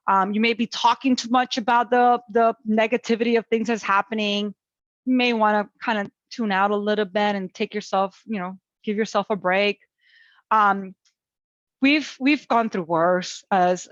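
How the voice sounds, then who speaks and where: A woman's voice: medium pitch, no echo, dull audio. A woman presenting an online webinar on parenting and resilience, talking in an encouraging, chatty way with many fillers.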